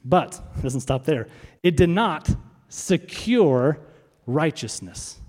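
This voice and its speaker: A man's voice: a little high, animated, slow, a little mellow, husky. A man preaching a sermon as pastor, emphatic, repeating key phrases and asking rhetorical questions. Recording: long reverb of a large hall.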